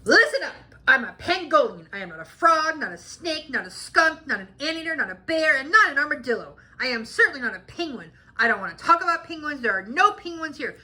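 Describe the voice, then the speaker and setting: Proud little storybook pangolin played by a woman, keeps correcting folks, bright high lively voice. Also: a little fast, exaggerated voice. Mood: exasperated. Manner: explains and corrects others firmly. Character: chatty patient pangolin, proud of itself.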